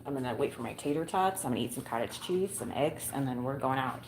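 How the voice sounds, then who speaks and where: A woman's voice: a bass voice, lively intonation, fast, a little mellow, slight background noise, poor audio. A woman hosting a casual livestream from home, chatting with viewers in a playful, self-mocking way. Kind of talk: casual chat.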